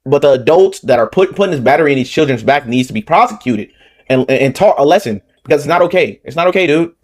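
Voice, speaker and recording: A political commentary channel host with a Southern Californian accent does reaction commentary in a slightly high voice, animated and quick. He talks heatedly and repetitively, capping his points with a rhetorical "okay?"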